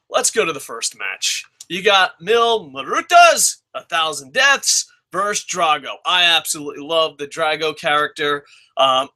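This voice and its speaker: A young man talks through a wrestling episode in a high, very sharp and bright voice. He swings into heated, profane rants and then settles back into casual commentary. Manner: excitable, profane ranting. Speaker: wrestling show reviewer. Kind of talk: casual spoken review.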